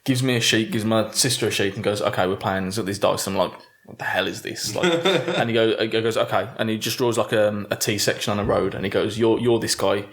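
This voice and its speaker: A British man on a gaming podcast, telling a story in casual chat with plenty of laughter. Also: on the low side. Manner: laughing storyteller, quick asides. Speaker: podcast host.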